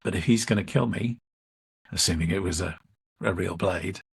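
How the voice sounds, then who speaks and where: Appearing as an interview guest, a middle-aged leadership coach recounts a story from a workshop in a measured manner, acting out the dialogue. His voice is low and creaky with a breathy edge.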